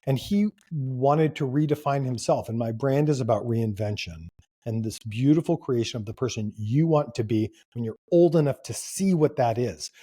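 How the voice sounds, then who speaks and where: A man's voice: mid-range voice, normal speed, mellow, slightly rough. A middle-aged man, a company founder, speaking as a guest in a conversational interview, telling stories with energy and emphasis.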